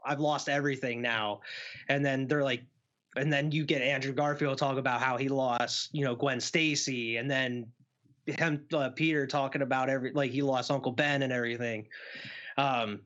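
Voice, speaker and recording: A young man co-hosting a podcast, retelling scenes in an animated way and acting out lines with laughter. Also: mid-range voice. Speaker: podcast co-host. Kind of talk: casual chat. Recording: dull lo-fi sound.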